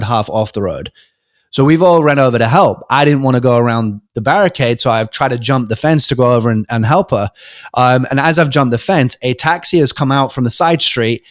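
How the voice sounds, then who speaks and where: A man's voice: mid-range voice, dry recording. Young British man telling a story, dry sound. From Britain. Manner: animated storyteller, acts out quoted voices, frequent ums and restarts. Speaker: podcast guest. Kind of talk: casual storytelling.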